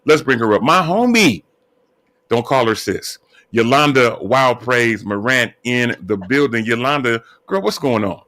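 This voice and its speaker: A man hosting an online radio talk show, chatty and upbeat, giving shout-outs to guests and listeners. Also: medium pitch, animated, measured pace. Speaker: host.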